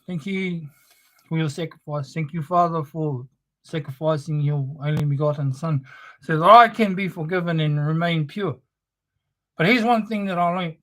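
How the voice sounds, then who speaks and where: High-voiced man ranting with heavy swearing. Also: moderate pace, a bit bright. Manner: heavy swearing, preachy and confrontational. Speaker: livestream host. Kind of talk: impassioned spoken-word monologue.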